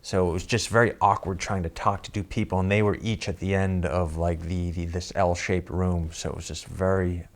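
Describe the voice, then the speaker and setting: Self-deprecating comedian telling a story. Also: male voice, sits low, little pitch movement, normal speed, hardly any pauses. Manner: self-deprecating, chuckles through his story. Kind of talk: comic storytelling.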